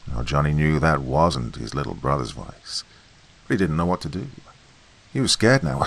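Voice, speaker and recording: A man narrating a horror story in a folksy campfire manner, swinging between loud and hushed delivery. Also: low-pitched, normal speed.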